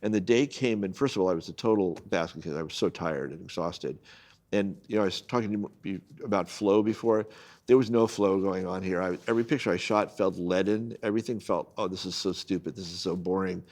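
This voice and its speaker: Older guy with a deep voice spinning a long story, doing everyone's lines. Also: brisk. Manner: animated anecdote-telling, acts out quoted people. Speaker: guest photojournalist. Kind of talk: storytelling in a casual conversation.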